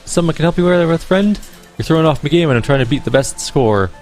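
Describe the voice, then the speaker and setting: A man's voice: fairly high pitch, lively intonation, brisk, darkish tone, soft background music, voice pushed up, close to an everyday voice. Male gamer doing a brawny, foul-mouthed Irish woman, put-on accent; slangy and blunt. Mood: brusque. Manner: brash, slangy, swearing. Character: tough Irish woman, brash ex-ranger.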